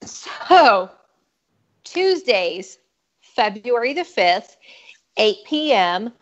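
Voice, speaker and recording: A woman's voice: a little high, sing-song, drawn-out words. A woman with a Southern US accent chatting frankly and laughing easily on a live online show. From Southern United States. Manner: frank, giggly, swears freely. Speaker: guest, upcoming show host. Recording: lo-fi online call audio.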